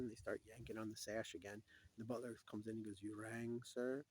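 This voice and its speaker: A man's voice: lowish voice, steady tone, fast, warm tone, husky. A man casually retelling old cartoon scenes, acting out the characters' lines and chuckling at his own jokes. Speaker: storyteller. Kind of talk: casual rambling monologue.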